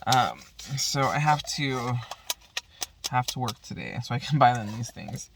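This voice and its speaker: A woman's voice: rumbling low, expressive, measured pace, gravelly, background noise. A woman vlogger in a casual, profanity-heavy rant, talking frustratedly while smoking at home.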